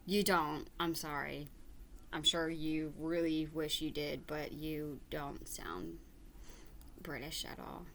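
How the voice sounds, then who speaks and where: A woman's voice: deep voice, fairly even intonation, slow, a bit bright, a little hiss or hum. A woman hosting a reaction video, giving casual commentary in a sarcastic, mocking way.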